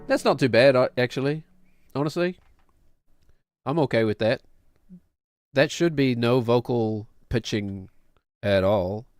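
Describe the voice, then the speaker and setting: A man's voice: mid-range voice, a little slow, long pauses, darkish tone, no echo, soft background music. Laid-back late-thirties man, dry close mic. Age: late 30s. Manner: chatty, self-deprecating, laughs often. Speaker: streamer and home music producer. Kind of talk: casual rambling explanation.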